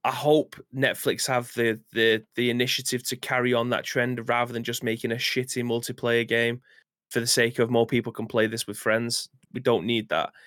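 Male co-host, mid pitch, relaxed measured opinions, dry close sound. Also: no echo. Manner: easygoing, hedging opinions. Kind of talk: casual gaming news chat.

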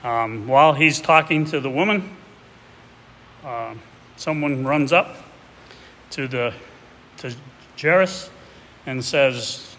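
A male pastor talks through a sermon in a conversational, reflective way, restarting his sentences now and then. His mid-pitched voice carries a long reverb tail from a large hall, with a faint hiss behind it. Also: slow pace, long pauses, fairly bright tone. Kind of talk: expository sermon with a read-aloud excerpt.

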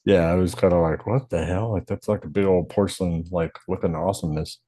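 A man with a very low, husky voice co-hosts a podcast. He talks loosely, mostly in short replies, and laughs along. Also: steady tone, quick pace, mellow. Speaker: podcast co-host. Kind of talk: casual chat.

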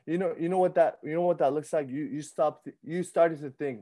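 A man in his thirties preaching a sermon in a conversational, animated way, often repeating himself and acting out his own thoughts. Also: on the high side, fairly quick. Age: 30s. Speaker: pastor.

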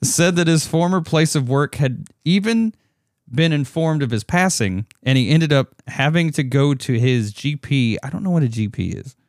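A man co-hosting a casual podcast reads strange headlines aloud and jokes about them as he goes. His pitch swings up and down a lot, and he often stumbles and restarts. The recording is close and dry, with almost no room sound. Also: animated, a little mellow, dry recording. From not British. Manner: joking, offhand, halting with many fillers. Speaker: podcast co-host. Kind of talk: casual chat, reading news headlines.

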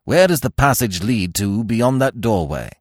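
A man's voice: lowish voice, very animated, moderate pace, dry recording, clean studio sound. A man voicing a grimly purposeful male investigator who speaks in clipped, urgent commands.

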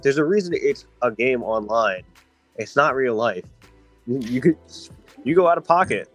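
A man co-hosting a casual podcast, dismissive and relaxed. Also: medium pitch, normal speed, soft background music. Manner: dismissive, says "dude". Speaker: podcast co-host.

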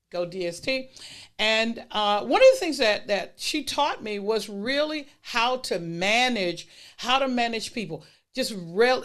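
A middle-aged woman speaks in a lively, emphatic way as she tells personal stories from her working life. Her voice sits at an ordinary middle pitch. She sounds natural and unscripted, like someone recounting her own experiences. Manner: emphatic, lively retelling with acted-out dialogue. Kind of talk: personal storytelling talk.

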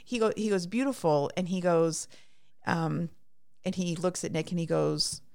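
A woman's voice: on the low side, normal speed, creaky, darkish tone. A woman co-hosting a casual chat, gushing with enthusiasm as she retells movie scenes. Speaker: podcast co-host.

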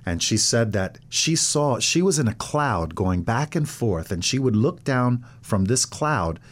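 A man's voice: medium pitch, sing-song, a little slow. A middle-aged man, a pastor, telling his faith story in an interview and acting out the voices of people in it. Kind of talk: testimony in an interview.

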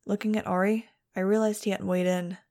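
A woman's voice: mid-range voice, level tone, brisk, a little mellow. Woman narrating an audiobook, dry. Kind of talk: first-person audiobook narration.

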